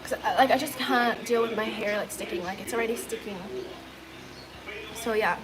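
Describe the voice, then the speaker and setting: A woman with a slightly high voice chats casually on a livestream, giggling often and filling gaps with "um" and "like." Crowd chatter hums clearly behind her. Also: normal speed, low-quality recording. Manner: giggly, chatty, many fillers.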